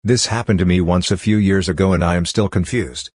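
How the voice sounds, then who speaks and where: A man narrating online stories aloud in a steady, even reading voice. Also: deep voice, brisk, no echo.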